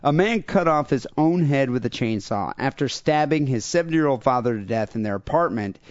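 Male podcast co-host, mid pitch, reads crime news with crude asides. Dry, slightly muffled lo-fi sound. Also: lively intonation, fairly quick, no room sound. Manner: reads news stories aloud with crude jokes. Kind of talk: casual podcast chat. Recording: dull lo-fi podcast audio.

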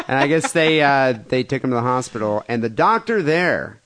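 Animated laughing male podcast host. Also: medium pitch, moderate pace. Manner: laughs often, animated storytelling. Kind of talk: crude comedic chat, reading listener stories.

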